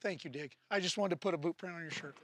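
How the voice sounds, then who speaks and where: A man's voice: a little high, fast talker, a bit bright, a little hiss or hum. A man working as a firearms instructor, explaining drills to his class with jokes and then barking short range commands. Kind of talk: live training-class instruction.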